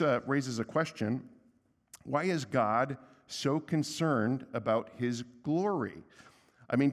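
Man, pastor, sermon, conversational and emphatic, middle pitch, long church-hall reverb. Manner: conversational, emphatic, with a humorous aside; softer and lower for prayer.

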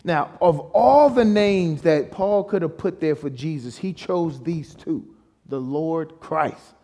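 A man's voice: fairly high pitch, animated, unhurried, dark tone. A man preaching as a guest speaker, emphatic, with rhetorical questions and calls for the congregation to answer back. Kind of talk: sermon.

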